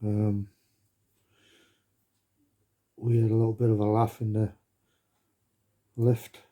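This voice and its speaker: Welsh tradesman with a mellow voice. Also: fairly low pitch, monotone, slow pace. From Wales. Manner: chatty, rambling with many fillers. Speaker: plasterer vlogger. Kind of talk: casual vlog chat.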